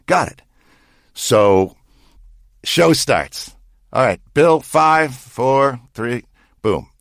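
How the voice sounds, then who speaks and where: A man's voice: medium pitch, animated, extremely slow, pauses often, dry recording. A man, a TV director, telling an anecdote with dry humor, imitating the others. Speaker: TV director, interviewee. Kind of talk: animated anecdote.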